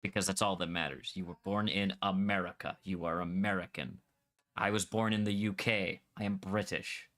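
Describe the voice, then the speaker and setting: Animated Scottish man, bright edgy voice. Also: deep voice, normal speed. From Scotland. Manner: animated, argumentative, swears freely. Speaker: Minecraft server streamer. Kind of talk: casual gaming chat.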